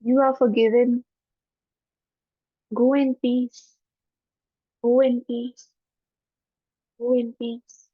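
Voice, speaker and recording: A woman with an Indian English accent, a spiritual teacher leading an online class and a guided forgiveness meditation in a gentle, soothing voice. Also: fairly high pitch, level tone, dry recording. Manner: gentle, soothing, repeats phrases slowly. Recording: dull, dry lo-fi audio.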